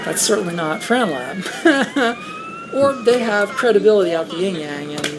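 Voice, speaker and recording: A woman's voice: mid-range voice, unhurried. A woman in casual conversation, talking in a hesitant, rueful way with frequent restarts. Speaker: guest on a talk stream. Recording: steady background noise.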